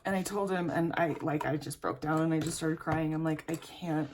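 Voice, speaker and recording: A woman's voice: deep voice, brisk, darkish tone, a little hiss or hum. A young woman chatting candidly as she tells a long personal story while doing her makeup at home. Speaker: beauty vlogger. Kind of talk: chatty get-ready-with-me storytelling.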